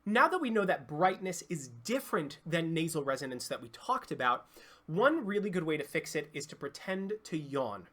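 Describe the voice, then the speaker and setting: A singing coach giving an online vocal lesson, explaining clearly and demonstrating sounds. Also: mid-range voice, big pitch swings, moderate pace, a bit bright.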